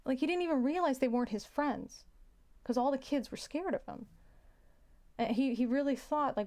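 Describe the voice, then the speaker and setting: A young adult woman, a teacher, telling a story in a casual, halting way, often repeating words and sighing. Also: sits high, darkish tone.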